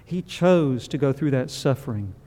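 A man preaching a funeral sermon in a church, solemn and measured, with slow pauses. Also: medium pitch, animated, mellow. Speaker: pastor. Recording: long reverb of a large hall.

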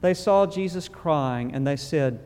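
A man preaching a funeral sermon in a church, solemn and measured, with slow pauses. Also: fairly high pitch, expressive, darkish tone, clean tone. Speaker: pastor. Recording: long reverb of a large hall.

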